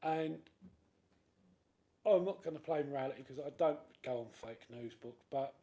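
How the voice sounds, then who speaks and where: A man, a councillor speaking in a committee debate, animated and acting out other people's voices. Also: mid-range voice, moderate pace. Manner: animated, acts out quoted voices. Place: council chamber.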